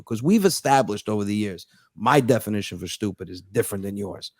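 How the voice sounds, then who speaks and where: Animated, swearing male comedian storyteller. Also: on the low side, brisk, no echo, clean studio sound. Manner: animated, profane storyteller who acts out dialogue. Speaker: stand-up comedian, podcast guest. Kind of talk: casual podcast chat.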